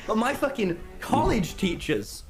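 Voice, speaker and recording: A teenage boy with an English accent telling a rambling story, excitable, swearing often and tripping over his words. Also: high voice, a little slow. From England. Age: teens. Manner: excitable, swears a lot, stumbles and restarts. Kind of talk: animated story-time narration. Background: background music.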